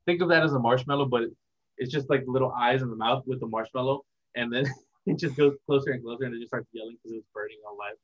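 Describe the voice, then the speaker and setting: A man's voice: medium pitch, fast. Young man, guest on a chat interview, rambling and laughing, muffled lo-fi sound. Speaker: guest, content creator.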